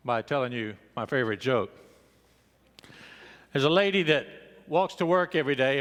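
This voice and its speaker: A man's voice: fairly high pitch, fairly bright tone, smooth. A man preaching a sermon in a church, opening with a folksy joke and easy storytelling. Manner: folksy joke-telling delivery. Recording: long reverb of a church hall.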